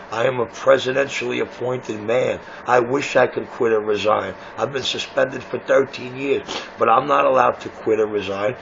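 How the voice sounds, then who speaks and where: A man's voice: medium pitch, creaky, a bit bright. A man who runs a radio shop, boasting and taunting rivals over CB radio in a brash, self-important way. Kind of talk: CB radio banter. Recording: muffled CB radio audio with faint hiss.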